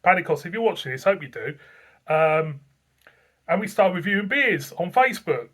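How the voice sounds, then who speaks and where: A man with a slightly high voice tells a casual vlog story about himself. He rambles, circles back and repeats his own phrases. He sounds like an easygoing channel host chatting to his viewers. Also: animated, moderate pace, a bit bright. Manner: rambling, repeats himself, frequent fillers and chuckles. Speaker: beer review channel host.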